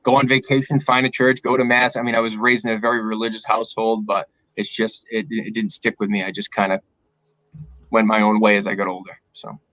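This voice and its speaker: A man's voice: fairly low pitch, flat delivery, brisk, a bit bright, no echo, poor audio. A man from south of Boston with an Eastern Massachusetts accent, talking as a guest on a live stream over a video call in a candid, reflective way. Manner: candid, reflective, with frequent restarts. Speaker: guest filmmaker. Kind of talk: casual live-stream chat.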